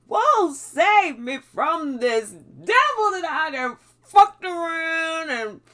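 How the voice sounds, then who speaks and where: A woman's voice: extremely high pitch, very animated, takes it slowly, pushed and bright, voice pushed up, exaggerated voice. A woman voicing a desperate person praying for rescue, pleading frantically.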